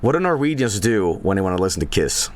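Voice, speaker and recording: A man's voice: fairly low pitch, sing-song, fast. A man, chatting casually on a stream, rambling, swearing and laughing often. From Sweden. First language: Swedish.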